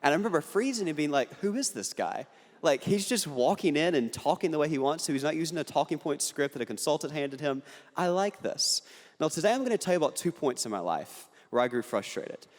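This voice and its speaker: A man's voice: fairly high pitch, animated, fast talker. A young man giving an earnest, punchy speech to an audience, with occasional jokes. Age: young adult. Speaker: political speaker. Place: large hall on a university campus. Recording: hall reverb.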